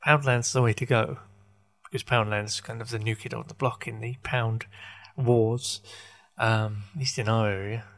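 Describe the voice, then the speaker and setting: A man hosting his own podcast, talking through a loose, halting monologue full of fillers, restarts and wry asides. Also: mid-range voice, steady tone, a bit bright. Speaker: podcast host. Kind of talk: rambling casual monologue.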